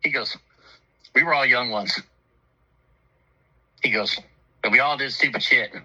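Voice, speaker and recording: A man's voice: medium pitch, unhurried, pushed and bright, slightly rough, poor audio. A man telling a profane, funny story in casual chat, laughing often and acting out the voices of people in it. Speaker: storyteller on a talk show.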